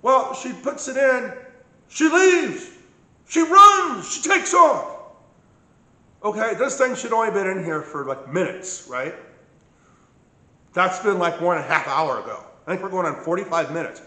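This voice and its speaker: A man's voice: high voice, lively intonation, normal speed, pushed and bright, reverberant. A man telling his own story of medical mistreatment in a casual, emphatic way, often checking in with "okay?". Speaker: patient recounting his medical ordeal. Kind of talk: casual personal account.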